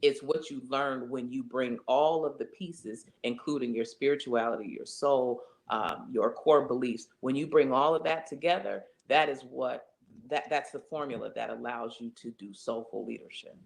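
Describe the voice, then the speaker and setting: A woman guest in an interview, speaking about faith in an animated, emphatic way and acting out the voices she quotes. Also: very deep voice, moderate pace, gravelly. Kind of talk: conversational interview, inspirational.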